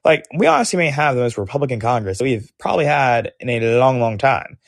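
A young man hosts a podcast in a mid-pitched voice, throwing out sarcastic, animated political opinions. He pads his sentences with "like" and "um" but keeps pushing forward. He is recorded close up, dry, with no room echo. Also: fast, gravelly. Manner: animated, sarcastic, heavy use of "like" and "um". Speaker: podcast host.

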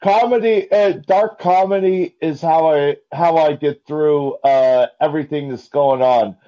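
A man calling in to a live talk show, telling jokes in a halting way with many restarts. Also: a little high, dark tone. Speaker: caller. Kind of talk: casual call-in chat. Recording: dull lo-fi call-in line.

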